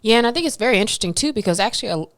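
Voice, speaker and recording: A woman co-hosting a podcast in relaxed, chatty talk, slangy and loose, often trailing off with fillers. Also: fairly high pitch, racing, no room sound. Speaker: podcast co-host. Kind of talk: casual podcast chat.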